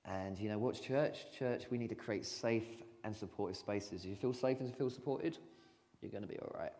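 A man preaches from the front of a church, his fairly low voice carrying a long reverb through the hall. He talks in a casual, chatty way that turns gentle and pastoral. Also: moderate pace. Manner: chatty, laughing storyteller turning gentle and pastoral. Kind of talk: sermon.

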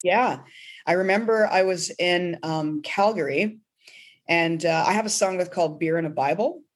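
A woman's voice: on the low side, normal speed. A woman singer-songwriter talking in a heartfelt, emotional way during a podcast interview, often laughing. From pastor's kid.

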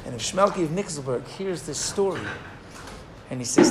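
A man teaching a Torah class, telling a story in an animated, digressive way and acting out the people in it. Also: a little high, a little fast, heavy background noise. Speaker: rabbi teaching.

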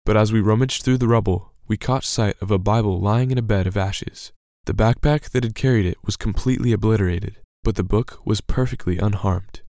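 A man narrating a scripted devotional story in a measured, earnest way. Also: fairly low pitch, a little mellow, dry recording, clean studio sound. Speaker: podcast narrator.

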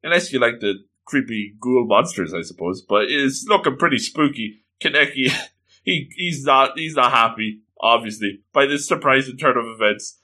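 A man reading a comic book aloud, with animated, laughing comic asides and exclamations. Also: mid-range voice, moderate pace. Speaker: reader and commentator. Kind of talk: comedic comic-book read-along.

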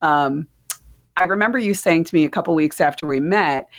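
A woman's voice: sits low, a little fast. A middle-aged woman with a New Jersey accent, hosting a podcast in casual, rambling chat and laughing often. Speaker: podcast host.

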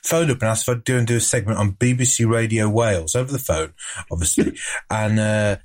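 A man's voice: lowish voice, brisk. A man with a Birmingham accent telling dry, self-mocking stories in casual podcast chat. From England. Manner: dry self-mocking storyteller with frequent laughs. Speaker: podcast co-host.

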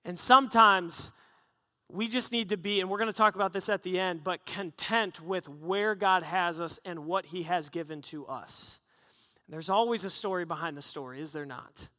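Man preaching, high bright voice, playful storyteller, echoing church hall. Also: normal speed. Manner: animated storytelling with self-deprecating humor. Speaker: pastor. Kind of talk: sermon.

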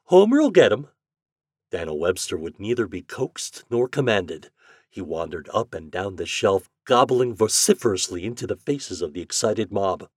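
A man narrating an old holiday story aloud in an expressive, lively manner. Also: sits low, moderate pace, husky, dry recording, clean studio sound. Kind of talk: storybook reading.

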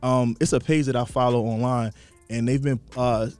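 A man's voice: mid-range voice, steady tone, normal speed, darkish tone, clear, resonant tone, soft background music. A man in his thirties, born in New York and raised in Atlanta, talking animatedly and chuckling on a casual podcast. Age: 30s. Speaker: podcast co-host.

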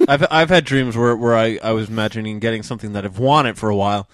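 A young man co-hosting a podcast in casual chat, excitable, laughing and swearing as he talks. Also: on the low side, fast, no echo. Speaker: podcast co-host.

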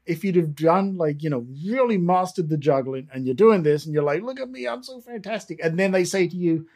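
A man hosts a casual interview chat in a high voice. He laughs often and encourages his guest. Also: brisk, a little mellow. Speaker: podcast host.

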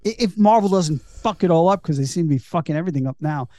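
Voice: medium pitch, expressive, fast, mellow, no room sound. A podcast co-host talking passionately and bluntly about a film, swearing freely. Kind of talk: casual movie review chat.

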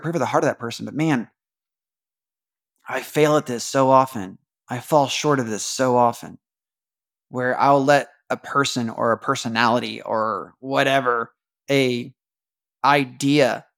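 A man hosting a casual devotional podcast, talking earnestly, repeating phrases and asking rhetorical questions. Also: medium pitch. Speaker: podcast host.

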